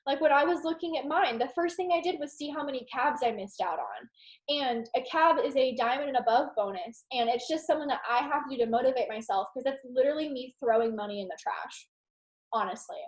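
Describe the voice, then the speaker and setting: Young woman, high voice, roomy echo, animated motivational chat, says "like" constantly. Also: fairly quick. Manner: animated, rambling, heavy use of "like". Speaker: team leader on a video call. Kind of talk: casual motivational pep talk. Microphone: video call.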